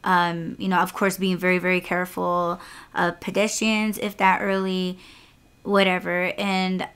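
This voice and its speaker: A woman's voice: lowish voice, little pitch movement, unhurried, a bit bright, clear, resonant tone. A young woman hosting a podcast, casually telling a frustrating rideshare story in a candid, exasperated way, swearing freely. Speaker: podcast host and rideshare driver.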